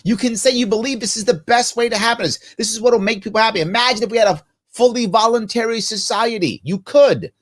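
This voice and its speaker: A middle-aged man hosting a live ask-me-anything stream, answering viewer comments in an animated, preachy way and acting out little imagined dialogues. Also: high voice, fast talker, hardly any pauses. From New York. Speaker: livestream Q&A host.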